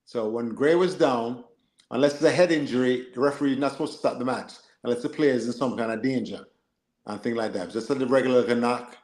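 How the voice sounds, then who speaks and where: A man co-hosting a football live stream, reading and answering chat in an animated, joking way. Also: medium pitch, fairly quick, roomy sound. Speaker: livestream co-host.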